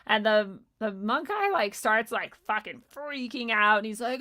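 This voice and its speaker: A young woman hosting a livestream, reading chat questions aloud and answering them in casual, profane, animated chat with frequent laughter. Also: medium pitch, a little fast, few pauses.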